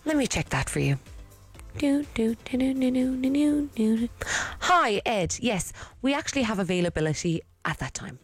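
A woman's voice: on the high side, big pitch swings, moderate pace, slightly rough, soft background music. Woman doing a posh hotel receptionist. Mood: polite.

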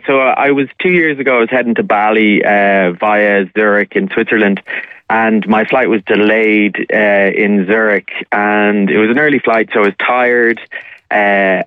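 A man's voice: on the low side, smooth, no echo. A man tells his story at length, wandering and filling gaps with uh. His voice comes through a narrow, tinny phone line. The sound is dry, with no room around it. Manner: rambling, frequent uh fillers. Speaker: caller sharing a scam story.

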